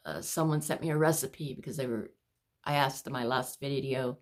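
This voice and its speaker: Low-voiced lady, kinda breathless, rambling and saying sorry a lot while chatting to her viewers. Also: normal speed. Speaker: vlogger showing her paintings. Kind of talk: casual chat to camera.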